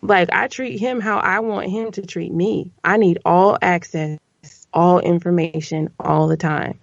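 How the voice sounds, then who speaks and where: A woman guest on a casual podcast, telling a story in an animated way, her voice climbing when she gets upset. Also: fairly low pitch, unhurried, gravelly, no echo, dull audio.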